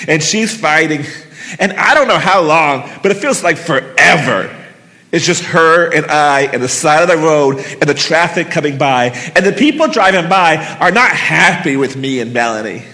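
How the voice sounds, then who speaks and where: A man telling a personal story live on stage, intense and halting, with emotional pauses. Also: a little high, animated, pushed and bright, long reverb tail.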